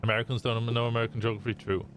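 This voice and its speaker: A man's voice: medium pitch, level tone, very fast, fairly bright tone, a little hiss or hum. A young man from England with a Midlands accent, chatting casually and swearing with his stream viewers. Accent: Midlands English. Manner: chatty, swearing, stumbling over words.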